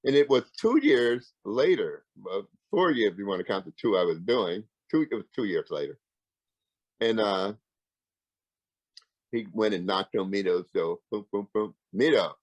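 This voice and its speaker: A man's voice: on the low side, moderate pace, dry recording, low-quality recording. An older man, a martial arts grand master, telling stories as an interview guest, acting out the dialogue with lots of restarts. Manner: animated, acts out quoted dialogue with frequent restarts. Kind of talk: casual storytelling.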